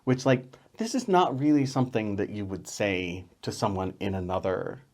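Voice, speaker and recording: A man with a fairly low voice hosts a hobby channel, talking to camera in a casual, chatty way. He slips in wry, lightly exasperated asides as he explains. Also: normal speed, a little mellow. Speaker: channel host.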